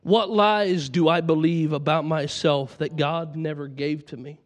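A man's voice: a little high, steady tone, a little slow. A man preaching a sermon, passionately reciting scripture aloud to his congregation.

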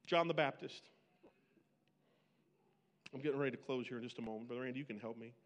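A man preaching a sermon, swinging between loud, pleading bursts and hushed, slow lines. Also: medium pitch, long reverb tail. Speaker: pastor.

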